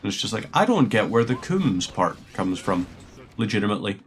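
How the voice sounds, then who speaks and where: A man's voice: lowish voice, very animated, fairly quick. A man streaming a strategy game, rambling chattily and musing aloud as he plays. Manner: rambling, chatty, muses aloud while playing. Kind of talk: casual gameplay commentary.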